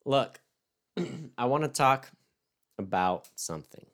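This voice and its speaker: A man's voice: mid-range voice, animated, slow, a bit bright. A man co-hosting a casual comedic review chat, ranting with mock sternness and punctuating his points with "all right?". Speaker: podcast co-host.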